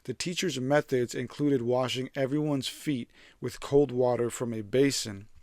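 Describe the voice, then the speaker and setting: A man's voice: medium pitch, darkish tone, dry recording, studio quality. A man hosting, reading a scripted narration and breaking into irreverent, profane, jokey asides. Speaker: host. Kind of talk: casual commentary over a scripted narration.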